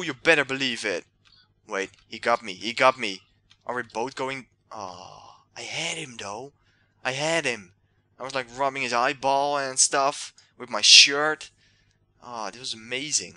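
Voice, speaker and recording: A young man giving excitable let's play commentary, yelling and trash-talking the game. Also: mid-range voice. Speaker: gamer.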